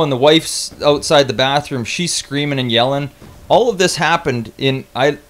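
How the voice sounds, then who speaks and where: A young man recounts a travel mishap in a loose, casual vlog style. His voice sits in an ordinary middle pitch, and he swears freely, stumbling through restarts as he gets animated. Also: normal speed. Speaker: vlogger telling a travel story. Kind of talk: casual storytelling.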